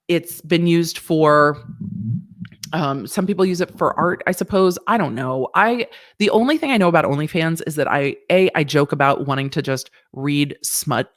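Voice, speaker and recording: A woman, a former prosecutor, chatting casually on a livestream about legal news, blunt and quick to laugh, swearing now and then. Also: low-pitched, no room sound, clean studio sound. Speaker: legal commentator hosting a livestream; former district attorney. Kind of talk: casual livestream chat answering viewer questions.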